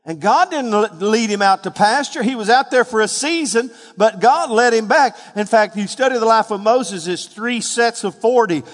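A man preaching a sermon, calling on the congregation to respond and rising to loud, emphatic peaks. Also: high voice, expressive, normal speed, hardly any pauses. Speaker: pastor. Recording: hall reverb.

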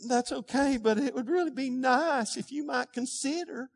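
A man's voice: extremely high pitch, gravelly, big-room sound, voice pushed up, full character voice. A man putting on the voice of a timid, hedging preacher who halts and mumbles qualifiers. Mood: meek. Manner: hesitant, halting, mumbled qualifiers.

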